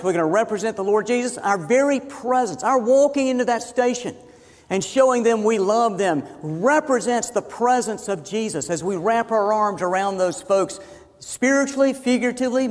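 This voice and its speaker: A pastor delivers a sermon in a voice that sits high for a man, pressing each point by repeating it. His words ring out in a church sanctuary with a long reverb trailing behind them. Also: normal speed. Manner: emphatic, repeats phrases for emphasis.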